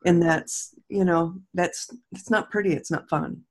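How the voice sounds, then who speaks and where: A woman's voice: on the low side, measured pace. Grandmotherly woman telling heartfelt stories. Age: older. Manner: heartfelt storytelling, frequent restarts, laughs easily. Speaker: host. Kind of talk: casual spiritual talk.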